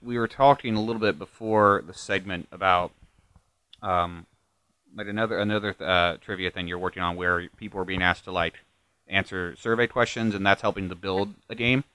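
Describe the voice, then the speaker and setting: Relaxed man hosting, dry room sound. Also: low voice, normal speed, smooth, no room sound. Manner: relaxed, joking, reads out winners. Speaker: podcast host. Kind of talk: casual podcast chat.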